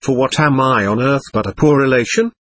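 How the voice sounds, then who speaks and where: A man voicing a husky, mocking gentleman devil. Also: mid-range voice, fairly quick, natural voice. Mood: teasing. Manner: smooth, mocking, genteel. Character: suave, ironic male devil, a shabby gentleman. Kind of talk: audiobook reading.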